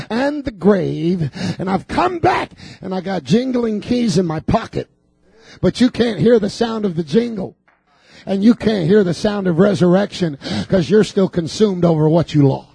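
A man voicing the risen Jesus, speaking slowly with gentle, wondering reproach. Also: sits high, vocal fry, breathy edge, no room sound, full character voice.

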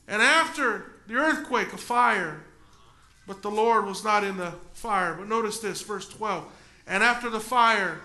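A man preaching a sermon as pastor in a church, dropping from loud preaching to hushed talk and back. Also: sits high, echoey room. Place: church sanctuary.

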